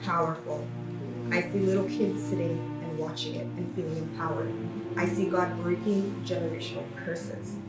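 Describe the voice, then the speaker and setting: A woman's voice: fairly low pitch, fairly even intonation, normal speed. A woman speaking fervently and emotionally, close to tears, as a guest in a casual chat. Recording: echoey room from a distant mic, music behind.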